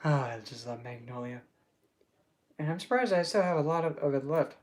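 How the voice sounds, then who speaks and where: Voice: mid-range voice, expressive, fairly quick, a little mellow. A streamer rambling in a casual livestream chat, giggling and exclaiming while talking back to the chat with pet names. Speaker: streamer hosting an open chat.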